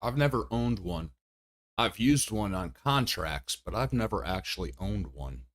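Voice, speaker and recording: A man's voice: fairly low pitch, expressive, measured pace. A man giving casual commentary while streaming a game, chatty and thinking aloud, often laughing at himself. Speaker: livestreamer.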